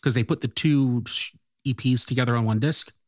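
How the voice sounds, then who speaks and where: A man co-hosting a music podcast, talking casually about songs and albums, and he speeds up when excited. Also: medium pitch, brisk, no echo. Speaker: podcast co-host.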